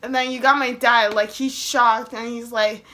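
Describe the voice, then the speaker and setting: A woman's voice: fairly high pitch, fairly even intonation, normal speed, fairly bright tone. A young woman casually telling a personal story to her vlog camera, chatty and full of "like", acting out the voices of people she quotes. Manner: chatty, heavy use of "like", acts out quoted voices. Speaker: vlogger.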